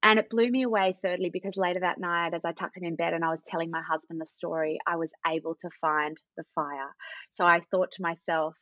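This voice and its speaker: A woman's voice: lowish voice, steady tone, a little fast, no echo. A woman in her thirties with an Australian accent, a parent educator telling a personal story in an interview. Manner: warm anecdotal storytelling, acts out quoted dialogue. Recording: dull, slightly lo-fi dry sound.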